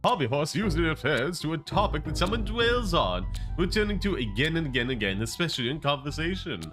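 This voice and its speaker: Male streamer, casual wry play-by-play with rants, game music clearly audible underneath. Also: fairly high pitch, big pitch swings. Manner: chatty, wry and quick to rant. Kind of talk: casual gameplay commentary.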